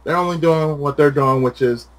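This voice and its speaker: A man's voice: on the high side, normal speed. A man chatting casually with a friend, ranting with lots of swearing. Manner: profane, ranting, animated. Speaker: channel host.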